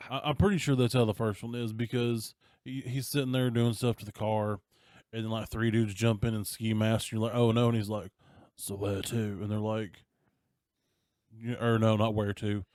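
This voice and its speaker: A Southern man co-hosting a podcast, easygoing and chatty as he retells scenes. His voice sits fairly low. The sound is dry and close to the mic. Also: flat delivery, moderate pace, darkish tone, clean tone, no echo. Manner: laid-back storyteller, acts out movie scenes. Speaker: podcast co-host. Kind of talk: casual podcast chat.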